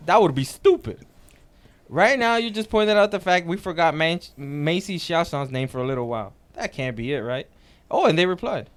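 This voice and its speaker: A man co-hosting a casual podcast, telling an animated story and reading comments aloud. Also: on the high side, moderate pace, smooth. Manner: animated storytelling, reads out comments, laughs a lot. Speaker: podcast co-host.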